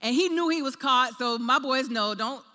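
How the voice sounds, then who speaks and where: A woman preaching a sermon, telling a personal story in an animated way and acting out the voices in her quotes. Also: sits high, moderate pace, big-room sound.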